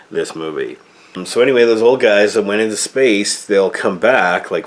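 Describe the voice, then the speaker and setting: A man with a fairly low voice reviews a film in a loose, rambling rant. He sounds exasperated and drops the odd swear word. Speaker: movie reviewer. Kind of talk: casual ranting review.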